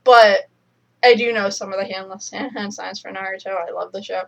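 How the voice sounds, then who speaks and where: A woman's voice: mid-range voice, fairly even intonation, fairly quick, vocal fry, fairly bright tone, low-quality recording. A woman co-hosting a casual review chat, explaining at length with lots of fillers. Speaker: podcast co-host.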